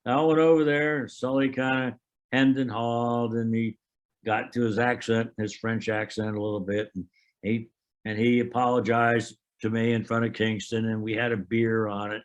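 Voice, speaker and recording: A man's voice: mid-range voice, flat delivery, normal speed, muffled recording. Older man telling army stories. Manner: anecdotal, quotes others, chuckles often. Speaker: Special Forces veteran. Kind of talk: oral history storytelling.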